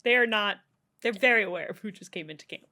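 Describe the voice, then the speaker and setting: A woman with a bright, sharp voice co-hosts a podcast. She retells scenes with animated sarcasm in casual chat. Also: medium pitch, quick pace. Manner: animated, sarcastic, laughs often while retelling. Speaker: podcast co-host. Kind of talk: casual book discussion.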